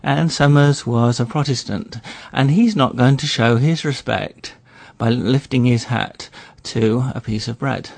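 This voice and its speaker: A man, a regular history guest on a radio show, telling a story in a relaxed way with wry asides. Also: medium pitch, measured pace, creaky, dry recording. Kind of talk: storytelling chat.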